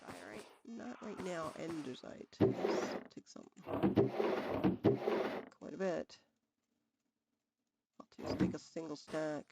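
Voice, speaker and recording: Gravelly woman streamer, lively and chatty. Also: sits low, takes it slowly, long pauses. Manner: chatty, thinking aloud while sorting items. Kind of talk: casual gameplay commentary. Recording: loud background noise.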